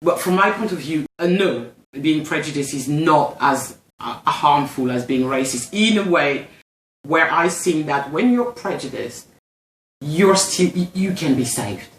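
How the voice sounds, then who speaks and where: Deep-voiced and animated though a little slow, a woman from France joins a casual discussion in her French accent. She frequently hesitates, searching for words and restarting, and the room sounds echoey.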